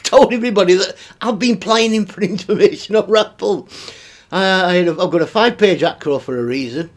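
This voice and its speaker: High-voiced sweary man. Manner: sweary, exasperated, laughs between remarks. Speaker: YouTube commentary host. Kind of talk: ranting commentary vlog.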